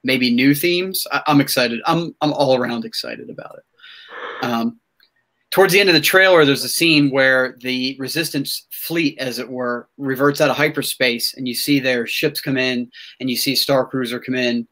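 A man hosting a podcast in casual chat, excitable and rambling, with many restarts. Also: medium pitch, moderate pace. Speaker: podcast host.

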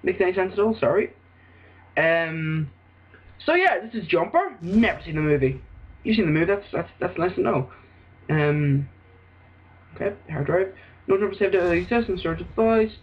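An Irish man rambling through let's play commentary, excitable and swearing, with sudden outbursts. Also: sits high, moderate pace, pauses often. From Ireland. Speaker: gaming video host. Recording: dull lo-fi recording.

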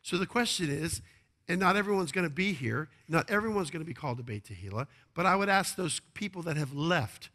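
A man's voice: on the high side, lively intonation, brisk, bright, forceful tone. A male pastor preaching a sermon, emphatic and repetitive, often asking the congregation to agree.

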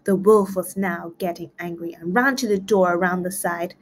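A woman narrating a children's read-along storybook in a clear, rhythmic rhyming voice. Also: fairly low pitch, fairly even intonation, normal speed, slight background noise. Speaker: storybook reader.

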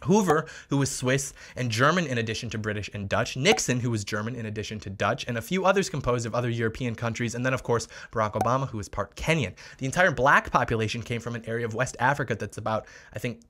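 Male commentary host, quick and bright-toned, sarcastic and combative. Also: mid-range voice, lively intonation. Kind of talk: scripted political commentary.

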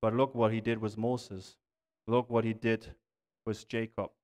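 German-accented pastor preaching in a reverberant hall. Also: male voice, on the low side, level tone, measured pace, a little mellow. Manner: earnest, pleading, rising in intensity. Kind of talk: sermon and prayer. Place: church sanctuary.

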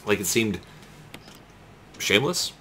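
A man's voice: on the low side, slow pace, a little hiss or hum. A man from Russia, co-hosting a gaming show and chatting casually with wry jokes. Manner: wry, joking, animated. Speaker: co-host.

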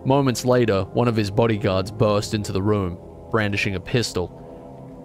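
A man's voice: on the low side, a little slow, faint music behind. A man streaming a game, reading its text passages aloud, stumbling over words and breaking off into exasperated, swearing rants.

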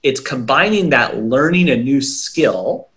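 A young man speaking at an ordinary mid pitch, earnest and explanatory. He runs through lists of examples and keeps checking in with a quick "right?" as he talks to an interviewer. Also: animated, a bit bright. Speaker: brain health coach, interview guest.

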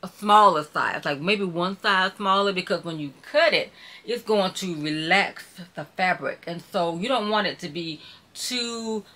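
A woman's voice: fairly low pitch, measured pace, sharp tone. A woman from Mississippi with a Southern accent, chatting casually and folksily with viewers on a live stream. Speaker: YouTuber hosting a live stream.

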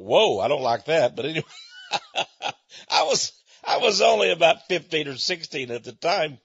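A man's voice: on the high side, a bit bright, breathy edge, dry recording. A man from Texas, a radio host, speaking in a folksy conversational monologue and chuckling often. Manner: folksy storytelling with frequent chuckles. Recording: dull lo-fi recording.

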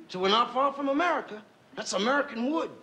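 A man's voice: very high-pitched, lively intonation, fast, roomy sound, very noisy, voice pushed up. A man voicing a brash, clueless male ship captain with a street-wise manner. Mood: cocky. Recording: live TV audience, loud laughter.

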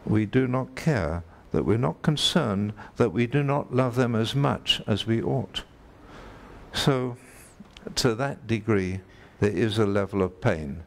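A man delivering a sermon with a gravelly, creaky edge to his voice. He preaches emphatically, repeats his key phrases and turns to ask his listeners direct questions. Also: mid-range voice.

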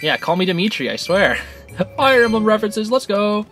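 A gaming channel host giving excitable, rambling let's-play commentary with frequent laughs. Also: mid-range voice, normal speed, faint music behind.

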